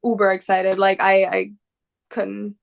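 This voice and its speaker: A woman's voice: mid-range voice, completely flat delivery, unhurried, vocal fry, lo-fi sound. A woman actress answering interview questions in a casual, rambling and gushing way, full of fillers. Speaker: actress guest.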